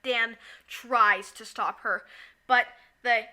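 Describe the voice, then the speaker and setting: A woman co-hosting a podcast in casual chat, recapping a musical with lots of giggling and quick acted-out lines. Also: a little high. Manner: giggly, animated, acts out characters in quick asides. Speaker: podcast co-host.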